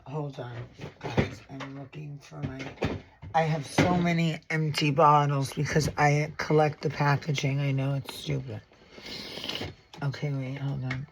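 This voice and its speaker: Sassy, gravelly man rambling through a makeup tutorial. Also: fairly high pitch, little pitch movement, measured pace, noisy background. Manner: sassy, dramatic, rambling, full of asides and swearing. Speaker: makeup artist and educator. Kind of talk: casual makeup tutorial vlog.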